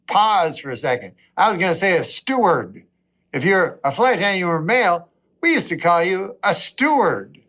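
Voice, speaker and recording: A middle-aged male comedian works through a long, rambling stand-up story in a flat, deadpan delivery. His voice sits high for a man, and his asides come out in mock outrage.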